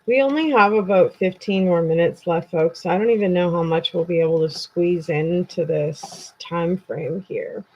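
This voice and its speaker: A woman's voice: fairly low pitch, normal speed, few pauses, a little mellow, muffled recording. A woman hosting a casual true crime livestream from her computer desk, chatting bluntly with viewers and swearing freely. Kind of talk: casual live-stream chat with viewers.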